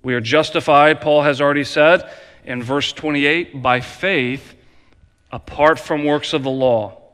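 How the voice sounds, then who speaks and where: Pastor, male, slow emphatic preaching, rises and drops in volume, church sanctuary with long reverb. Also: on the high side, steady tone, clean tone. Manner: emphatic preaching with repeated phrases, varying loud and soft. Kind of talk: sermon.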